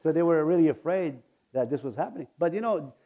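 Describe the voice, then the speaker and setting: A man's voice: a little high, lively intonation, fast talker, lo-fi sound. A man in his sixties preaching a sermon, telling homey stories with frequent chuckles and calling on the congregation to repeat after him. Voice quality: chuckling, folksy storytelling with a call-and-response manner. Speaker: pastor.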